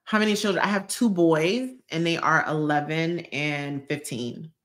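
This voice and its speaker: A woman's voice: low-pitched, normal speed, fairly bright tone. A woman, chatting casually on a live stream and reading out viewer comments in a bubbly, slangy way. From Georgia, US. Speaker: lifestyle YouTuber hosting a live stream.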